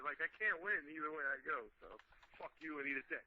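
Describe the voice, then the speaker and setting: A man's voice: a little high, quick pace. A man co-hosting an internet radio show, firing back profane comebacks in casual banter. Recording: dull lo-fi audio with faint hiss.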